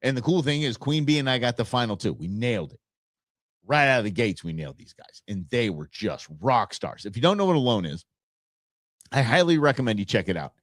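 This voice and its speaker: A man's voice: medium pitch, lively intonation, fairly quick, a bit bright, no echo, studio quality. A man hosting his own show, talking casually and enthusiastically, rambling through stories and restarting his sentences. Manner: rambling, enthusiastic, self-interrupting. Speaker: show host. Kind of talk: casual solo podcast talk.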